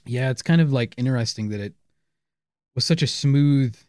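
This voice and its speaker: A man in casual podcast chat, joking and pausing on fillers as he thinks aloud. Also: medium pitch, darkish tone, smooth, no echo. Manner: jokey, hesitant with fillers.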